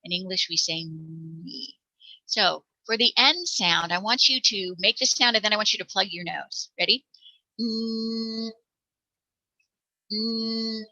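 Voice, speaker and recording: A woman's voice: on the low side, expressive, moderate pace, pushed and bright, dry recording, dull audio. An American woman teaching parents letter sounds, patiently demonstrating each one aloud. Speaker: reading teacher.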